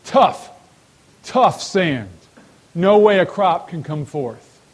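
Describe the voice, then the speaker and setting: A man with a slightly higher voice leads a Bible study in a sermon style. He keeps turning to his listeners with quick rhetorical questions. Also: lively intonation, low-quality recording. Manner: asks rhetorical questions and addresses listeners directly. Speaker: Bible teacher.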